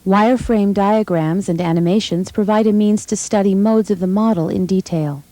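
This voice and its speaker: A woman giving scripted, measured narration for a technical instructional video. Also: mid-range voice, mellow, no room sound, poor audio.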